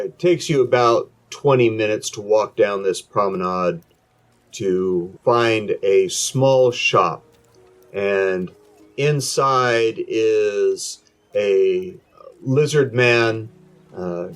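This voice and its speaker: A man runs a tabletop game in a slow, unhurried voice that sits a little low. He describes each scene in measured phrases broken by pauses. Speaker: game master.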